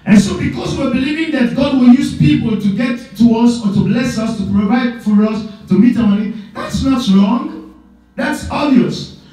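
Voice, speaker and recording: Emphatic preaching pastor, echoey hall. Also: male voice, normal speed, few pauses, soft background music. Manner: emphatic, repetitive, swings from loud to low. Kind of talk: preaching a sermon. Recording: echoey church hall, mic at a distance.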